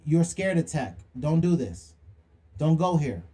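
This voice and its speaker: Young guy ranting on his livestream, kinda high pitched, mellow tone, lots of "right?" and calling folks out. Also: very animated, measured pace. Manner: preachy, rhetorical questions, slangy call-outs. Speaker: livestream host. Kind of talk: livestream monologue.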